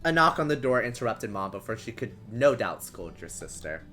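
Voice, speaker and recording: A man's voice: on the low side, expressive, moderate pace, a bit bright, faint music behind. A man casually chatting and reading a story game aloud on stream, playful and jokey.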